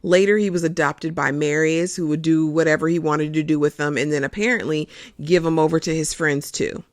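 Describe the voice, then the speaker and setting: A host giving a casual, expressive recap of a TV episode, calling listeners "honey" as they go. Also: mid-range voice, fairly quick, no room sound, clean studio sound.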